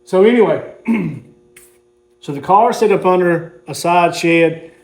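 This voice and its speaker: A man's voice: high voice, slow. A man, casually telling a rambling story while showing his car collection. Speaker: car hobbyist host.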